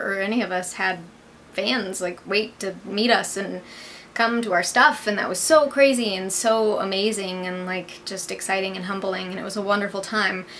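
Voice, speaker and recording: A woman's voice: medium pitch, a bit bright, a little hiss or hum. Chatty upbeat young American woman vlogging. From United States. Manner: chatty and upbeat, with frequent "like" and "I believe". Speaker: actress and vlog host. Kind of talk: casual vlog chat answering viewer questions.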